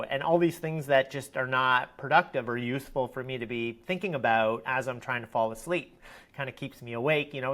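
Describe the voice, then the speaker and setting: A man's voice: medium pitch, a bit bright. A man who runs a research lab, speaking as a podcast guest in a reflective, searching way, often restarting his sentences. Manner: thoughtful, searching, many restarts. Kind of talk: reflective conversational interview.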